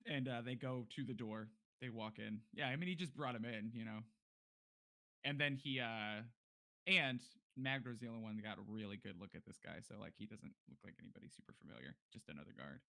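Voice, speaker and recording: A man's voice: fairly low pitch, fairly quick, creaky, sharp tone. A man as game master, narrating a tabletop game in a loose, chatty way with fillers.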